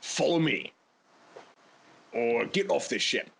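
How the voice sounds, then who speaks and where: A man's voice: medium pitch, animated, slow, gravelly, a bit bright, a little hiss or hum, pitched above the performer's own voice, exaggerated voice. A man voicing a grumpy, bossy male dwarf sailor who huffs and barks orders in a tabletop game. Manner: huffing, impatient, barking orders.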